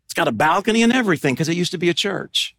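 A middle-aged male pastor delivering a sermon in a notably high voice. He preaches with animation, swinging from loud emphatic bursts to hushed, low asides. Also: animated, racing.

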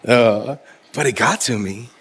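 Male pastor, mid-pitched, folksy and humorous, sermon delivered like a chat with the congregation. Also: measured pace, a bit bright, husky. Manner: conversational, addresses congregation directly. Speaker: preacher. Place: church service.

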